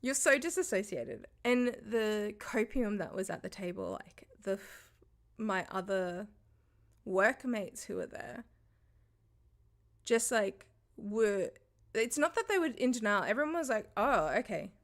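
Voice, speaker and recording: A woman's voice: medium pitch, animated, a little slow. A young woman, telling a story in a casual livestream, swearing freely and laughing often.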